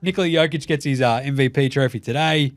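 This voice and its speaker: A man's voice: medium pitch, fast talker, no room sound. A man with an Australian accent hosting a comedic sports show, swearing freely and acting out the people he talks about. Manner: swears freely, acts out quoted people mid-rant. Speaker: host.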